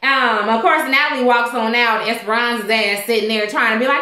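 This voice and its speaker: A woman casually recapping a TV episode, chatty and animated, acting out the characters and a little tipsy. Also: a little high, fairly quick, hardly any pauses, echoey room. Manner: chatty, animated, loud quoting of characters, frequent laughs. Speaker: TV recap host.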